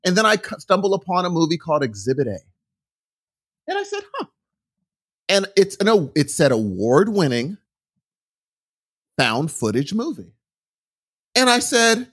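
On a casual podcast, a middle-aged co-host tells a long, rambling story full of restarts and asides at a moderate pace. His voice sits a bit high for a man, and his tone swings up and down as he gets animated.

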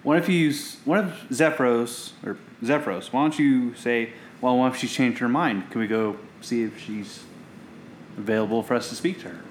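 A man's voice: mid-range voice, normal speed, echoey room, a little hiss or hum, poor audio. A man player eagerly pressing his idea during casual tabletop play.

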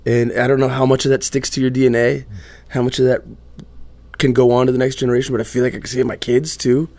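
A man, a musician guest on a podcast, telling a candid personal story in an animated, self-deprecating way with quick asides. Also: mid-range voice, dry recording.

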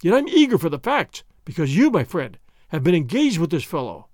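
A man's voice: fairly high pitch, sing-song, fairly quick, darkish tone, no room sound, clean studio sound. A man voicing a mild, foppish young nobleman who needles a sergeant in a mock-innocent way. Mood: needling.

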